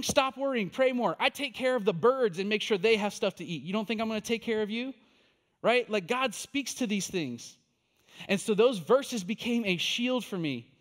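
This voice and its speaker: A man with a notably high voice delivers a sermon like a conversation with his church. He tells a personal story with animated, quoted back-and-forth, then turns to encouraging the listeners. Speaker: pastor.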